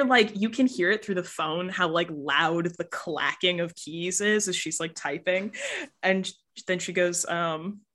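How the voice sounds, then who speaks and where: Unhurried woman running a tabletop game. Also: on the low side, a bit bright. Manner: casual, hesitant with many fillers. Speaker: game master.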